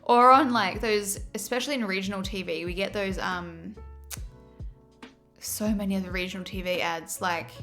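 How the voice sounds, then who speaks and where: A woman chatting casually on a livestream, animated and quick to laugh. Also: medium pitch, faint music behind. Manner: chatty, giggly, animated storyteller.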